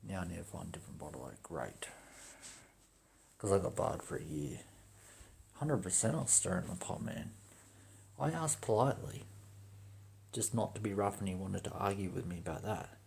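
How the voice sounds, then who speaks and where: Deep, gravelly man ranting. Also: moderate pace, pauses often. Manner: profane, swaggering, animated. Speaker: livestreamer. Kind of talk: ranting casual storytelling.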